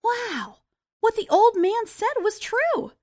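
A woman voicing an eager, polite young village boy in a storybook reading, talking in an excited way. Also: very high voice, measured pace, no room sound, studio quality, heavily acted.

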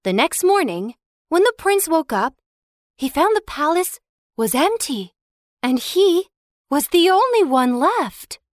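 Slow, sing-song woman storyteller. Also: very high voice, very animated, no room sound, studio quality. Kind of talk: children's storybook narration.

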